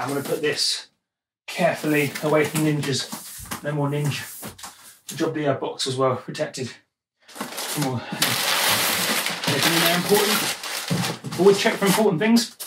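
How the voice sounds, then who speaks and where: An excitable voice rambles and jokes through an unboxing at home, picked up by a camera mic set well back from the speaker. The room rings with echo, and a steady hiss of noise sits under the voice. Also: medium pitch. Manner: excitable, jokey, rambling, talks while handling things. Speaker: music producer and YouTuber. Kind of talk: casual unboxing vlog. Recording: echoey room, distant mic, noisy.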